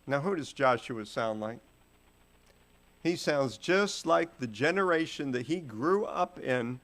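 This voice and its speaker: A man's voice: mid-range voice, lively intonation, slow pace, long pauses, a bit bright. A man teaching a Bible study, retelling scripture in casual, modern phrasing.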